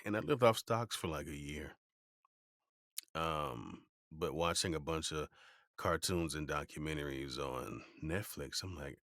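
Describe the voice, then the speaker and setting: Male voice actor, very low pitch, dry booth sound; animated storyteller. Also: normal speed, no echo. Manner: animated storyteller who slips into playful voices for quotes. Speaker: voice actor guest. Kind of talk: relaxed interview storytelling.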